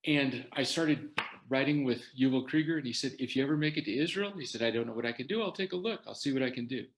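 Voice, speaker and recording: Older male guest, mid-pitched, animated storyteller in a talk. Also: quick pace. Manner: animated storyteller quoting others' words. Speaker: guest sharing his story.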